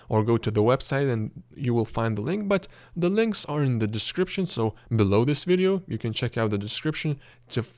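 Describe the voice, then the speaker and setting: A man with a Lithuanian accent teaching a language lesson, explaining grammar patiently with many fillers and throat clearing. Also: medium pitch, a little mellow, no room sound, studio quality.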